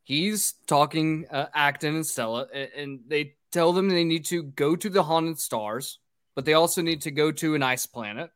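In a dry, studio-quality recording, a podcast host with a fairly high, fairly bright voice recaps a film's plot at normal speed. His telling is loose and rambling, full of fillers and swearing.

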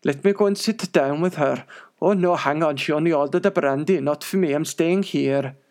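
Man voicing a choosy old coachman ghost with a put-on Welsh accent, leering tone, slightly high voice. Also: normal speed, darkish tone, natural voice.

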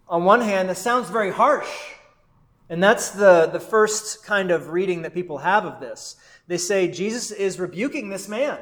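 A man's voice: high voice, a bit bright. A man preaching a sermon as a pastor. He talks in a conversational way, often checks in with "right?", and briefly voices the people he is quoting. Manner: quotes and voices figures from the text.

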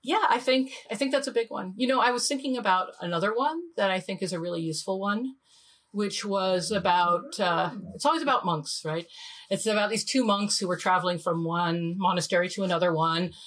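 Animated woman in her fifties telling stories. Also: mid-range voice, fairly quick. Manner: animated storyteller, acts out voices. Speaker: guest, design leader. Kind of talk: podcast interview storytelling.

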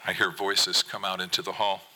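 A fisherman poet reads his own story at a live event. His voice is fairly low, with a forceful, tense edge. The delivery is intense and earnest. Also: flat delivery, normal speed, poor audio. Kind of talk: reading a personal story aloud. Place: theater stage at a live event.

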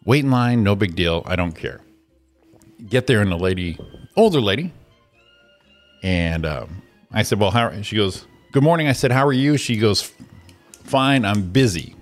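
A man's voice: fairly low pitch, moderate pace, pauses often, faint music behind. A man hosting a morning radio show, telling an exasperated, profane story and acting out the people in it. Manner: exasperated, profane storytelling with animated quoted voices. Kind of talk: casual ranting chat.

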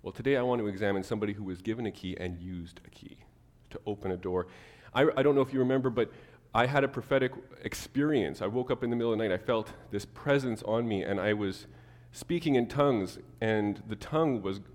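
A man preaching a sermon to his church, animated, acting out the people he quotes. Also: lowish voice, fast, few pauses, long reverb tail. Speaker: pastor.

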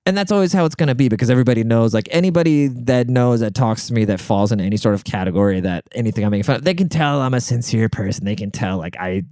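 A man's voice: medium pitch, fast, few pauses, dark tone, dry recording, studio quality. A man hosting a show, telling a story in a casual, profane and exasperated way.

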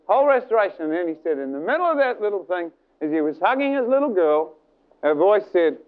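Man preaching, animated storyteller, high voice, lo-fi phone-line sound. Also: fast, smooth. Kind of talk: sermon with retold story.

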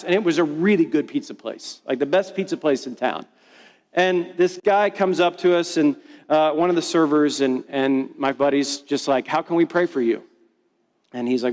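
A man with a high voice preaches in a loose, chatty, self-mocking way, telling anecdotes to his congregation. His words ring out with a long reverb, as in a large church hall. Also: fairly quick, darkish tone. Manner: casual, conversational, playful and self-deprecating. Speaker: pastor. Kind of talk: sermon with storytelling.

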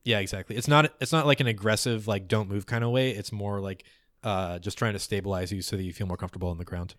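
A man's voice: on the low side, steady tone, fast, fairly bright tone, no echo, clean studio sound. A man narrating descriptively as game master of a tabletop game. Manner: descriptive, with fillers.

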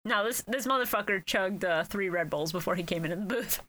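A woman co-hosting a casual podcast chat, animated and swearing freely. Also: mid-range voice, brisk. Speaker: podcast co-host.

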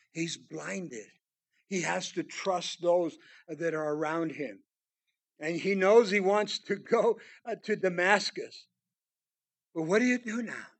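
A man preaches a sermon in a high-sitting voice, reading Bible verses aloud and commenting on them. He swings between loud emphasis and hushed, prayerful tones.

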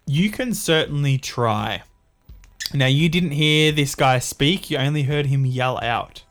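A man running a tabletop role-playing game, calmly setting each scene for the players. Faint music plays in the background. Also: on the high side, measured pace. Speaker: game master.

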